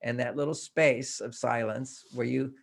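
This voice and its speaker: An older man, a guest author, talking in a relaxed interview and acting out bits of dialogue as he tells stories. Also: medium pitch, measured pace, creaky. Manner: animated storytelling, acts out quoted dialogue, laughs often. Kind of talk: conversational interview.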